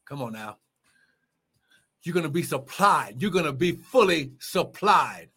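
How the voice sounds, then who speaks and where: A man's voice: on the high side, expressive, unhurried, pushed and bright, slightly rough. A man preaching a livestreamed sermon with fervent exclamations and repeated phrases.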